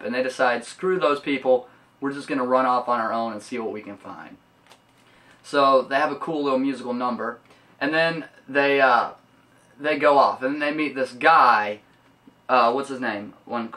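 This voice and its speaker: A man's voice: medium pitch, sharp tone. A young man casually recapping a movie's plot in a loose, rambling way, with casual swearing. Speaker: movie reviewer. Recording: voice a bit far from mic.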